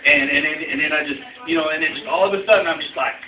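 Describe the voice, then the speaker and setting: The young man's slightly high voice races along, and the audio is narrow and tinny. He tells a story casually and ramblingly, leaning on "you know" and "I mean" and swearing freely. A phone camera across an indoor room captures it, making the video echoey, distant and noisy.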